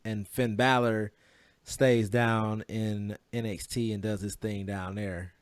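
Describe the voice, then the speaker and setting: A man's voice: on the low side, level tone, slow, no echo. A man hosting a casual wrestling podcast, joking and laughing often as he leads the rundown. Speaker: podcast host.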